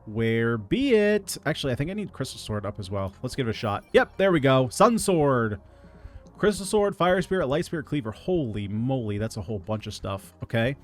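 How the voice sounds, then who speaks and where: A man giving casual gameplay commentary, reading out item picks in a relaxed running patter. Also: medium pitch, a little fast, faint music behind. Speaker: gaming video creator.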